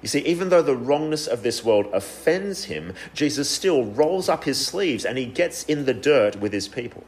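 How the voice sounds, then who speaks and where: A man's voice: mid-range voice, big pitch swings, normal speed. A man preaching a sermon in an earnest tone, with frequent fillers and shifting emphasis.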